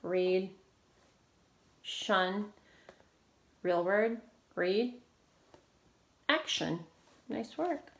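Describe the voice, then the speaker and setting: A woman teacher leading a phonics lesson for children, slowly drilling sounds and praising often. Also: mid-range voice, expressive. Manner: slow, encouraging, drilling sounds with frequent praise. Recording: echoey room with faint noise.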